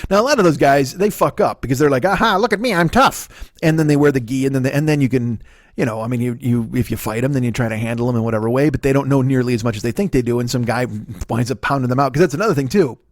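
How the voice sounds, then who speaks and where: A man's voice: medium pitch, racing, darkish tone, no room sound, studio quality. A middle-aged man with a Chicago accent, hosting a comedy podcast in a rambling, profane storytelling monologue. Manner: profane, loose storytelling with frequent fillers.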